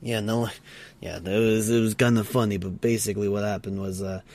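A man co-hosting a podcast, retelling an argument in a casual, halting way with restarts. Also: fairly low pitch, fairly even intonation, a little mellow. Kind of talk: casual role-play storytelling.

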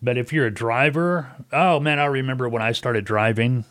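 A man's voice: mid-range voice, normal speed, a bit bright, no echo. Middle-aged male radio host, folksy storyteller, dry close mic, casual chat. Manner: folksy, storytelling, acts out callers in quotes. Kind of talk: casual talk radio monologue.

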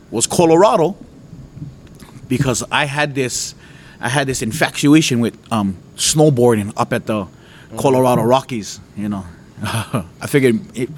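A man from Hawaii, a preacher giving his testimony, who tells his story with lively jumps in voice and frequent laughter. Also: a little hiss or hum. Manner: animated storytelling, voice jumps high and loud when retelling his outbursts; laughs often. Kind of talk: testimony to an audience.

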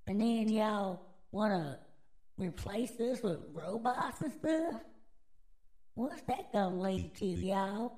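A woman's voice: medium pitch, close to an everyday voice. Woman putting on a furious redneck man. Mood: outraged. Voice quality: drawling, profane, shouting bursts. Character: angry Southern redneck man, gun-loving conspiracy ranter. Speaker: comedy character. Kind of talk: comedic character rant.

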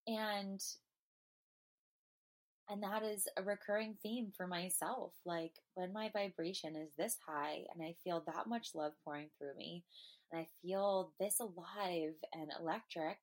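On her own podcast, a woman delivers a long personal spiritual monologue about her feelings and experiences, earnest and emotional, meandering with frequent "um"s and restarts. Her voice sits a little low for a woman, and she keeps a steady tone at an unhurried pace.

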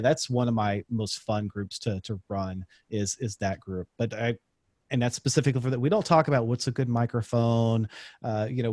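A man's voice: mid-range voice, a little mellow, dry recording, studio quality. A man, a podcast director, explaining his advice casually as a guest on a podcast. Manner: conversational, explains with examples, frequent restarts. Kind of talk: casual interview talk.

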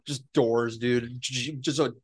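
A young man who pitches and coaches baseball, talking in a laid-back way in casual chat. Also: steady tone, measured pace, a little mellow, husky. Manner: laid-back, says "dude" a lot.

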